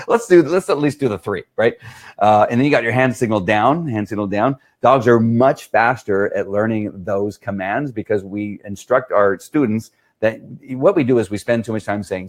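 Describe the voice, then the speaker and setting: A man's voice: on the low side, normal speed. A middle-aged man, a dog trainer, answering questions in a casual talk and often checking in with "right?". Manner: chatty, keeps asking "right?".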